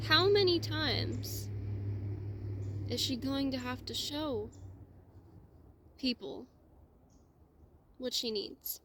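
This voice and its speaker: Woman, slow, somewhat high voice, heartfelt monologue, near tears, slips into soft whispers. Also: slight background noise. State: close to tears. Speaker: spiritual vlogger. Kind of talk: emotional personal monologue.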